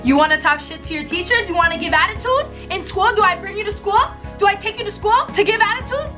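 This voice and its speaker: A furious mother fires off rapid scolding questions that climb higher and higher in pitch, as a young woman puts her on while retelling a story. The voice is bright and high, and the words come fast and sharp. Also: very animated, faint music behind, heavily acted. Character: angry mother scolding her child with a belt.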